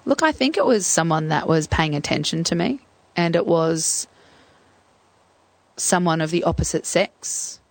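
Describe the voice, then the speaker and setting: A woman's voice: low voice, lively intonation, measured pace, no room sound. A young Australian woman telling her story candidly in an interview, hesitant and full of fillers. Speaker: guest.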